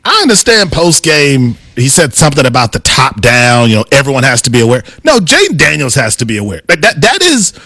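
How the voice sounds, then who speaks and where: A man's voice: medium pitch, wildly swooping pitch, brisk, hardly any pauses, pushed and bright, no room sound. A man co-hosting a sports radio show, playful and opinionated in casual talk.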